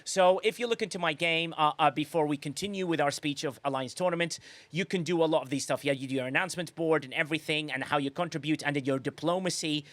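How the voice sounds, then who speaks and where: A man's voice: on the high side, quick pace, fairly bright tone, no room sound. A man hosting a casual podcast, reading viewer comments aloud and rambling through sarcastic asides. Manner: chatty, rambling, with frequent restarts and sarcastic asides. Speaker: podcast host.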